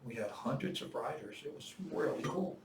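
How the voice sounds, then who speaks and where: A man in his seventies telling war-veteran stories in casual chat, profane and animated. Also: mid-range voice, moderate pace, creaky, echoey room, recorded from a distance, slight background noise. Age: 70s. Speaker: veteran storyteller.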